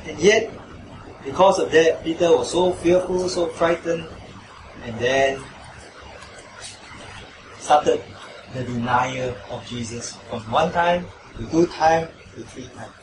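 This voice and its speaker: Male pastor, pitched a bit high, emphatic sermon; roomy hall, distant noisy mic. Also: slow pace, long pauses. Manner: emphatic, repetitive, asks listeners "right?". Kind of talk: sermon and closing prayer.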